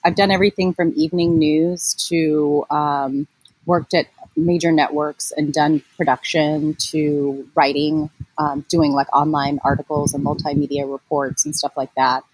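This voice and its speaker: A woman's voice: low voice, little pitch movement, unhurried, darkish tone, slightly rough, dry recording, low-quality recording. A woman in her forties, a mom blogger, chatting casually as an interview guest with lots of fillers and easy laughter. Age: 40s.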